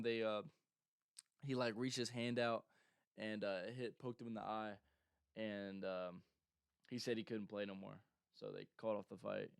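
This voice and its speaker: A man's voice: fairly low pitch, vocal fry, clear, resonant tone, no room sound, studio quality. A young man hosting a casual show, rambling through events with lots of fillers and mocking quotes. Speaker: show host. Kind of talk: casual chat.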